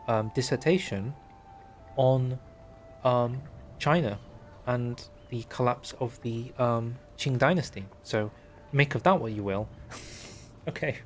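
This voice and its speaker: A man's voice: mid-range voice, slight background noise. A young man streaming and talking over a strategy game, chatty and wry, reading in-game text aloud. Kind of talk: game livestream commentary.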